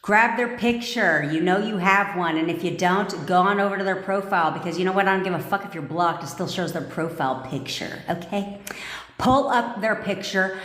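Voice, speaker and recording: A woman's voice: lowish voice, moderate pace, a bit bright. A woman coaching viewers on a live stream, blunt, profane and commanding, joking with her audience. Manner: laughs and jokes with viewers. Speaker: manifestation coach. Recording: echoey room with long reverb.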